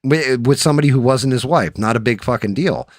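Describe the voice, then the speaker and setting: A man hosting a casual chat show, telling stories in a profane, animated way that rises when he gets riled up, recorded in a home studio. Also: mid-range voice, fairly quick, dry recording. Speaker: podcast host.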